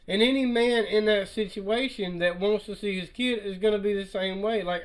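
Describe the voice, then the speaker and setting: A man's voice: sits high, moderate pace, hardly any pauses, poor audio. A man doing reaction commentary, emphatic and repetitive, speaking directly to his viewers.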